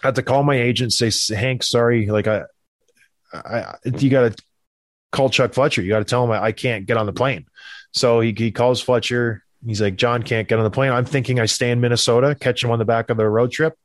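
A middle-aged man from Canada, a former hockey player, telling a rambling, animated anecdote in a casual way, quoting the people in it. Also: medium pitch, fairly quick, no echo. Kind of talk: casual storytelling.

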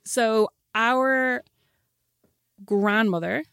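A woman's voice: fairly high pitch, extremely slow, gravelly, fairly bright tone, clear, resonant tone, dry recording. Teasing woman co-hosting a podcast. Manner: teasing, playful, laughs often. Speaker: podcast co-host. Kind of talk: casual chat between sisters.

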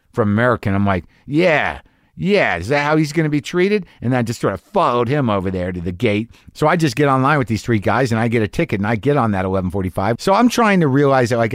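A middle-aged man at the mic delivers a long monologue, riding his own irritation with plenty of swearing and a self-mocking edge. His voice sits at an ordinary mid pitch, and the sound is close and dry, with no room around it. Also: no echo. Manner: worked-up, profane, self-mocking storytelling. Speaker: podcast host. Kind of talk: monologue storytelling.

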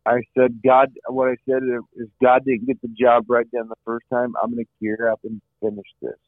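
A man's voice: mid-range voice, little pitch movement, moderate pace, no echo. Earnest man on a tinny phone line. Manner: earnest, repeats phrases, often says "you know". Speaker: guest. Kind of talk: earnest personal storytelling.

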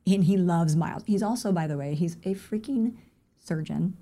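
A woman with a slightly low voice tells stories animatedly on a podcast, acting out the voices of the people she quotes. She talks fast and chatty, full of fillers like "like" and "I mean," in a casual interview tone. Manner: animated, acts out quoted dialogue. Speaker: running coach, podcast guest.

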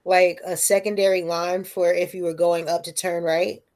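Animated woman telling a story casually. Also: lowish voice, moderate pace. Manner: animated, profane, lots of "like" and "right?".

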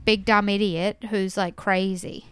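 A woman, co-hosting a podcast in relaxed casual chat, often saying "I reckon" and "like". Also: medium pitch, unhurried, clear, resonant tone, dry recording, clean studio sound. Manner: relaxed, uses "I reckon" and "like" a lot. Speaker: podcast co-host.

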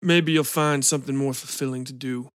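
A male narrator voicing a disdainful bartender with a nasal monotone. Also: medium pitch, fairly quick, clean tone, dry recording, clean studio sound, natural voice.

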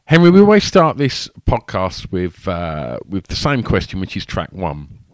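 A man's voice: deep voice, huge pitch swings, a little slow, no room sound. A man with an Essex accent hosting a podcast, chatting casually and rambling with many fillers and restarts. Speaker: podcast host.

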